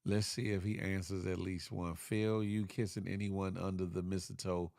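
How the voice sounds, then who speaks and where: A man's voice: deep voice, little pitch movement, normal speed, gravelly, a little mellow, no room sound, studio quality. A man hosting a casual morning show, tired and a little congested, laid-back and laughing often as he reads viewer comments. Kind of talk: casual live-stream chat reading viewer comments.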